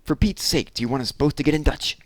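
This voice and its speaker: A man voicing an earnest young boy who pleads and apologizes, his voice lifted higher than his narration. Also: animated, quick pace, no room sound, lightly acted. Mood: pleading.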